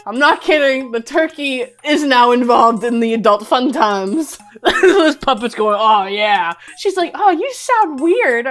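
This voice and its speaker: A young woman giving a comedic movie recap, animated and laughing often, swearing as she acts out the characters. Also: a little high. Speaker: commentary host.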